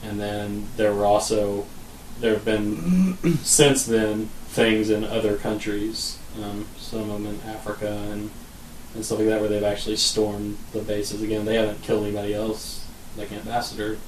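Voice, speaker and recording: Casual male podcast co-host, rambling and relaxed; distant, roomy recording with faint noise. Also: on the low side, normal speed. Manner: rambling, laid-back, trails off with fillers. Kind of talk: casual chat.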